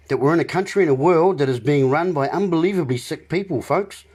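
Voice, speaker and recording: A man's voice: medium pitch, darkish tone. A man hosting a political monologue, ranting and repeating himself as he keeps addressing his listeners as folks. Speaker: video host.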